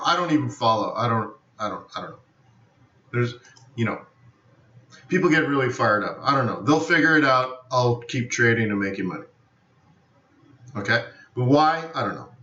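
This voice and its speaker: Rambling trading streamer, roomy lo-fi sound. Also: male voice, mid-range voice, sharp tone. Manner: rambling, repeats "I don't know". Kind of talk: live-stream trading commentary. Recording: roomy, distant, dull lo-fi sound.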